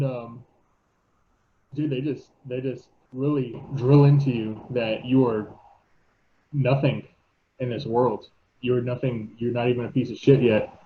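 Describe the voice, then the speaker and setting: A man co-hosting a casual podcast, talking in a relaxed, halting way with lots of "um" and "you know" and some swearing. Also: medium pitch, a little hiss or hum. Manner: laid-back, halting, many fillers, swears casually. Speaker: podcast co-host, navy veteran. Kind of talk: casual chat. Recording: tinny phone-like line.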